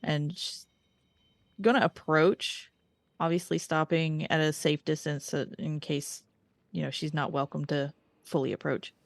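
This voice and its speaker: A woman playing a tabletop game, soft-spoken as she describes her character's actions. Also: low-pitched, steady tone, measured pace, vocal fry, dry recording. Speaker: player. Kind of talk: tabletop role-play.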